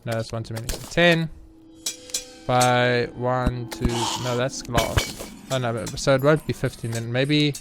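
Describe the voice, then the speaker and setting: Brief: young male let's-play host, sarcastic and self-mocking, swears a lot, mid-pitched voice, game music clearly audible behind him. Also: a little slow. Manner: sarcastic, mock-boastful, swears freely. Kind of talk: casual gameplay commentary.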